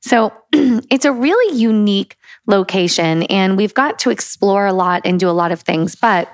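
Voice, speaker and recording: A woman's voice: mid-range voice, lively intonation, normal speed, no echo, studio quality. A middle-aged woman from the United States co-hosting a casual travel chat, laughing easily and steering the talk. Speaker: co-host.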